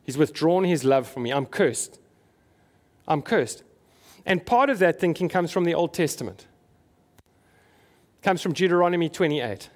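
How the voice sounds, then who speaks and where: A man's voice: fairly high pitch, lively intonation, unhurried, pauses often. A man preaching a conversational sermon to his congregation, asking them questions as he goes. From South Africa. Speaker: pastor.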